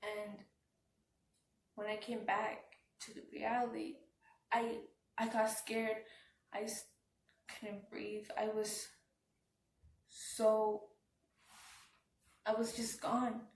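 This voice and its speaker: A woman telling a personal story as a vlogger, speaking in a halting, subdued way with frequent restarts. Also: a little high, monotone. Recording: roomy, from some distance off the mic.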